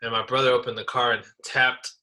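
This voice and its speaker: Bright-voiced man, slangy podcast storyteller. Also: mid-range voice, fairly quick. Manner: animated storytelling, slangy, says bro and dude. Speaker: podcast co-host. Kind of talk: casual chat.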